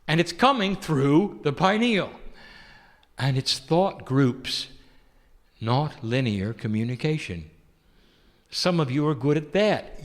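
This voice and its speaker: A man channeling an ancient loving spirit entity that addresses listeners tenderly, asking rhetorical questions and chuckling softly. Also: on the high side. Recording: long hall reverb.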